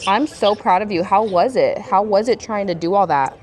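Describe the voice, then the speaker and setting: A young woman in her twenties vlogging casually, emotional and excitable, gushing over her new app. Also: medium pitch, moderate pace. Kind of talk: casual vlog chat.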